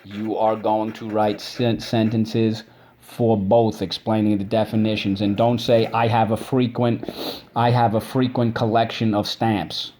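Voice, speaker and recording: A man with a fairly low, darkish voice and little pitch movement teaches a vocabulary and spelling lesson. He breaks words into syllables in drawn-out drills, checking in with "okay?" after each point.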